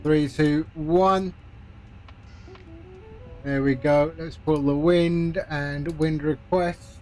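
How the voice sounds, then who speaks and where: Brief: male streamer, slightly high voice, unhurried chatty commentary over faint music. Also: steady tone, dark tone. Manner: chatty, talks through each step, friendly asides. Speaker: flight sim streamer. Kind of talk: live-stream commentary while playing.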